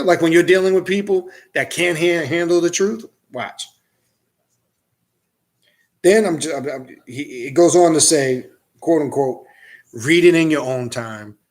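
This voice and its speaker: Profane, mocking man with a high voice. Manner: profane, mocking, reads aloud then rants. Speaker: occult teacher. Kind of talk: casual scripture commentary.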